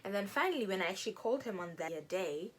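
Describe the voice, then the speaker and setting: A woman's voice: medium pitch, quick pace. A young woman from South Africa, chatting while doing her makeup and telling a personal story, acting out quotes in a raised voice. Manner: animated, acts out quotes in a raised voice. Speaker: beauty vlogger. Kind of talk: chatty get-ready-with-me storytelling.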